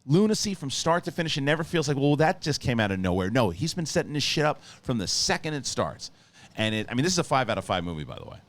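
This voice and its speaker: A quick-paced, medium-pitched man hosts a movie review show. His excited, rambling spoiler review comes with heavy swearing and many restarted sentences.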